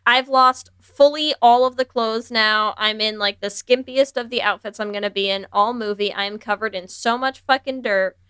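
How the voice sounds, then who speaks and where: Bright, clear-voiced woman podcast host. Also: on the high side, normal speed, hardly any pauses, dry recording, studio quality. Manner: animated, swears freely, acts out characters' lines. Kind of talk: casual chat recapping a movie.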